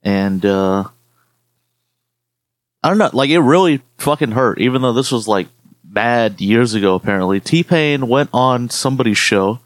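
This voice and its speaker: A man's voice: mid-range voice, lively intonation, unhurried, no room sound. A man co-hosting a podcast, telling rambling stories in casual chat with lots of swearing. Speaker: podcast co-host.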